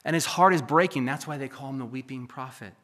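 A male pastor preaching a sermon, building to emphatic peaks and then dropping to quiet, confiding asides. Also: mid-range voice, quick pace. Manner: preachy, rises to near-shouting then drops to a hush.

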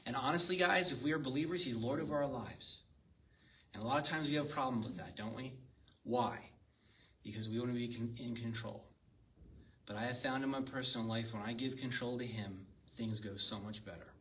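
Man, pastor, sermon, reads scripture, asks the congregation questions, mid-pitched voice, distant mic. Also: fairly quick, a bit bright, slight background noise. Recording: distant mic with faint ambience.

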